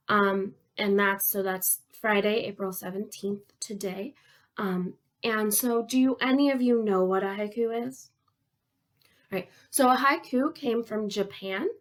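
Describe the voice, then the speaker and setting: A young woman leads a children's library lesson, recorded on a phone. Her voice sits a touch high, and she keeps an unhurried pace. She talks straight to the kids, asking questions and pausing for them to answer.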